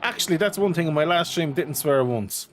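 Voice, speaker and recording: A man's voice: fairly high pitch, animated, brisk, slight background noise. A man streaming and co-commentating a sim race, talking in a chatty and teasing way.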